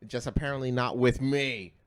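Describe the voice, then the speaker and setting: A man co-hosting a podcast, telling a story in a casual chat, dropping to low mutters, then bursting out loud with lots of swearing. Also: steady tone, normal speed, smooth. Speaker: podcast co-host.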